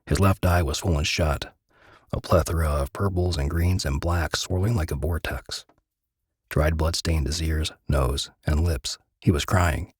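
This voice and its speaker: A man reading a gritty first-person crime story aloud in measured, dramatic narration. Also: a bass voice, fairly even intonation, slightly rough, no echo, clean studio sound.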